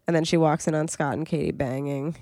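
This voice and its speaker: A woman's voice: sits low, fast, dark tone, no echo, studio quality. A young woman co-hosting a podcast, chatting casually about a reality show with lots of fillers. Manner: chatty, filler-heavy, quotes people in put-on voices. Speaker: podcast co-host.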